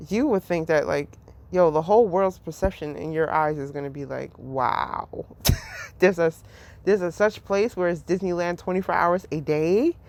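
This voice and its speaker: A woman's voice: lowish voice, moderate pace, a little mellow. Rambling, laughing woman musing on faith. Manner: rambling, profane, laughs often, heavy use of "like". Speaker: podcast host. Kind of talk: casual spiritual reflection.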